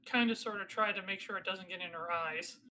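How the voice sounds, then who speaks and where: A woman runs a tabletop game with a bright, clear voice. She narrates casually, with lots of fillers and small hesitations. Her tone stays conversational, not performed. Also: medium pitch, fairly quick, poor audio. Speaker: game master.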